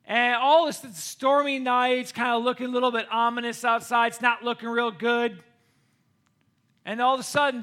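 Really high-pitched guy from michigan telling a story to the room, keeps asking "right?", bright tense voice. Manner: addresses listeners directly with frequent "okay?" and "right?". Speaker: speaker telling a personal story to an audience. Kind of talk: animated personal storytelling.

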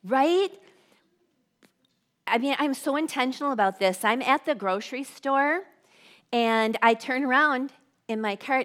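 Bubbly animated woman preaching. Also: sits high, measured pace, pauses often. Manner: bubbly and animated, dropping to hushed tones. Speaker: women's ministry speaker. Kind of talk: sermon to a live audience.

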